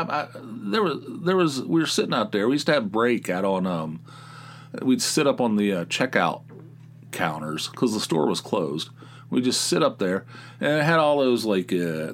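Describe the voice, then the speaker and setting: A middle-aged man hosting a podcast, telling a story in a rambling, exasperated way, with many restarts, laughing at his own tale. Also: mid-range voice. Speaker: podcast host. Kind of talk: casual monologue storytelling.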